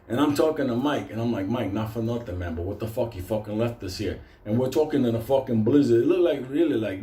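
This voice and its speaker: A man of middle pitch spins a comic tale in casual, animated talk. He swears constantly and laughs through his own lines. The sound has a roomy echo. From Puerto Rico. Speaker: storyteller.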